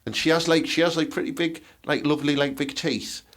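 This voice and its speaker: A man's voice: fairly high pitch, brisk. A middle-aged man with a Teesside accent co-hosting a comedy podcast, full of crude jokes. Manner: lively, swooping delivery with frequent laughs and crude jokes. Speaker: podcast co-host.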